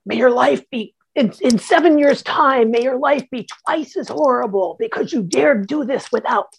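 A woman's voice: high-pitched, slow pace, vocal fry, mellow, breathy edge, voice pushed up, exaggerated voice. A woman acting out an exasperated pirate mother who has just given birth and is cursing the boarders who attacked her ship. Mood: vehement.

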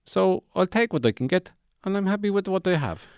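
A man's voice: high voice, expressive, brisk, a little mellow, clear, resonant tone, dry recording, studio quality, voice pushed up. A man voicing a deluded, gloomy man who lives in a shed, rambling in a meandering, self-pitying yet chirpy way.

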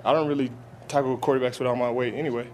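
With a mid-range, fairly even and slightly mellow voice, a young adult football player responds to reporters at an outdoor training camp. He hesitates often, restarting sentences with fillers, and there's a little hiss or hum.

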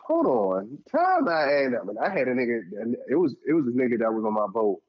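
A man tells stories in a loose, casual chat. His pitch swings widely, and he jumps high whenever he acts out what someone said. The recording sounds dull and lo-fi. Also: fairly quick. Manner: animated, acts out quotes in a high voice. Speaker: podcast co-host telling stories.

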